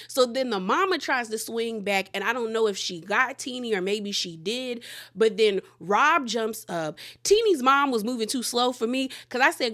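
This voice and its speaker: Animated woman recapping a reality show. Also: on the high side, moderate pace. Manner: animated storytelling, acting out quotes. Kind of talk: casual recap commentary.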